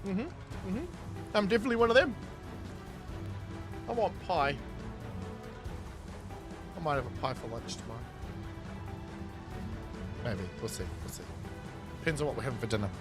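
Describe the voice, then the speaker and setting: A man's voice: a little high, lively intonation, normal speed, pauses often, over loud music. A man, chatting casually with his live-stream viewers as he plays, reading chat aloud and laughing often. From New Zealand. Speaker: game streamer.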